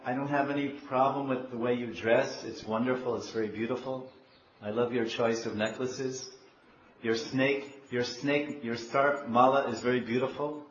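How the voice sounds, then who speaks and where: A shy goddess wife, put on by a male preacher, coaxes in a hushed, hesitant voice. The recording is muffled and echoey with a faint hiss behind it. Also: medium pitch, natural voice. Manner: soft, hesitant, coaxing.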